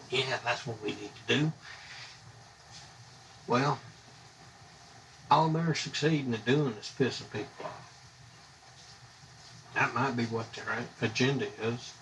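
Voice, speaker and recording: A man's voice: medium pitch, measured pace, creaky, long pauses, fairly bright tone, far from the mic, rough recording. A man from the United States, ranting bluntly and indignantly on a live stream, rambling from one grievance to the next. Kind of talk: angry live-stream rant. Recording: voice a bit off-mic, faint background hum.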